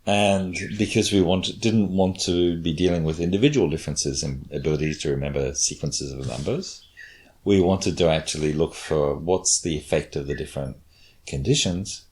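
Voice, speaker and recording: Very deep-voiced man explaining research. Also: normal speed, darkish tone. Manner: explains experiments patiently, demonstrates intonation. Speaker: cognitive scientist guest. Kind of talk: casual explanatory chat.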